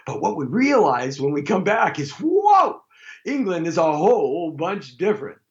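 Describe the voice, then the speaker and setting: A man hosting a live talk show, rambling through a jokey monologue with sudden loud outbursts. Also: a little high, muffled recording.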